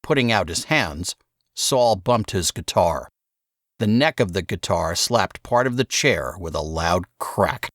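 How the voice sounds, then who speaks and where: A man narrating an audiobook in the first person, with expressive storytelling. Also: low-pitched, unhurried, dry recording, studio quality.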